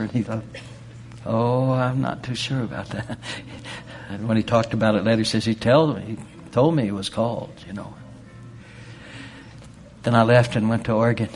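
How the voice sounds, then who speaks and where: Fervent preacher man, loud to hushed. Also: on the low side, a little hiss or hum. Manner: fervent, shifts from loud exclamations to hushed storytelling. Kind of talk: sermon.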